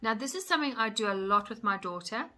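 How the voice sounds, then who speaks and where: A woman's voice: medium pitch, expressive, fast talker, pushed and bright. A woman parenting coach giving tips straight to camera in an upbeat, enthusiastic way. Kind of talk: direct-to-camera tips video.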